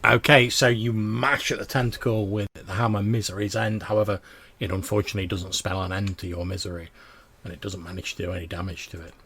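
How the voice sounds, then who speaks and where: A man's voice: lowish voice, level tone, quick pace, fairly bright tone, husky. A man running a tabletop game as game master, narrating loosely with many fillers.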